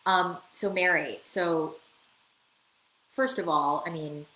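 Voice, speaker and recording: A woman hosting a live coaching Q&A, chatty and lively, acting out bits of client dialogue as she answers questions. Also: on the low side, slow pace. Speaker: business coach and show host. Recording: echoey room with faint ambient noise.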